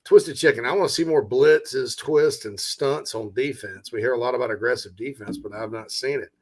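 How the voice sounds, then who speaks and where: A man's voice: medium pitch, normal speed. A man from South Carolina hosting a casual sports talk show, joking and reading out audience comments. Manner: joking, chatty, reads out audience questions.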